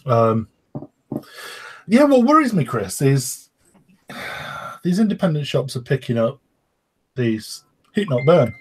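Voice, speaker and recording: A man's voice: medium pitch, sing-song, takes it slowly, long pauses, husky. A man co-hosting a podcast, mixing product opinions with jokes and hesitant ums. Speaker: podcast co-host. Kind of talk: casual chat. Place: at home on an online call.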